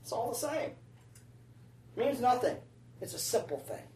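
A preacher delivers a sermon in a relaxed, talkative style, frequently asking the congregation "right?" and "amen?". His medium-pitched, warm voice moves at a normal speed with wide swings in pitch. A distant mic gives the recording a roomy sound.

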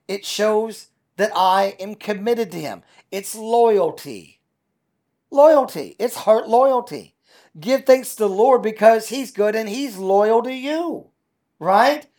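A man's voice: high voice, a little mellow. Emphatic preacher man reading scripture. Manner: emphatic, stretches key words, many fillers. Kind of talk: sermon reading and commenting on scripture.

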